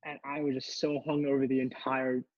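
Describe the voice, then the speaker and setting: A man's voice: mid-range voice, level tone, brisk, no echo, dull audio. A young man, a podcast co-host, telling a long story in casual chat, rambling and laughing, with many restarts. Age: young adult.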